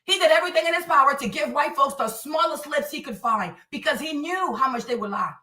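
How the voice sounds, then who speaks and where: High, bright-voiced woman preaching a livestream rant. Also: fairly quick, far from the mic. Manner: preachy, repetitive, hammering rhetorical questions; thanks viewers for donations mid-rant. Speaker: livestream host. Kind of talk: heated political commentary livestream. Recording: echoey room, voice away from mic.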